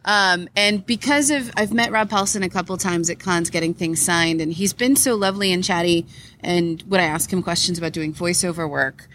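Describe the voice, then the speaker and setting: Chatty woman podcaster, lowish voice. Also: moderate pace, a bit bright, a little hiss or hum. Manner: chatty and enthusiastic, giggly, frequent fillers. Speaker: podcast co-host. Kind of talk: casual chat recorded live at a convention. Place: convention hall behind a curtain.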